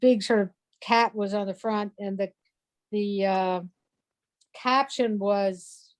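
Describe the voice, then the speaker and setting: A woman hosting a casual interview, speaking softly and haltingly with many pauses and restarts. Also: mid-range voice, fairly even intonation. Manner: halting, many fillers and restarts, soft-spoken.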